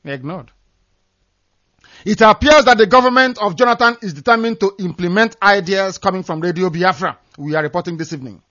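A man's voice: high voice, quick pace, few pauses, pushed and bright, dry recording, highs cut off. A man from Nigeria, delivering scornful, emphatic political commentary as a radio broadcaster. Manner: fiery, scornful, emphatic, repeats phrases for stress.

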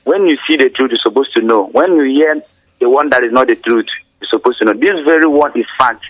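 A man's voice: mid-range voice, a little fast, breathy edge, no room sound. A man calling in to radio, speaking in an earnest, rambling, repetitive way. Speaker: caller. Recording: muffled lo-fi radio call.

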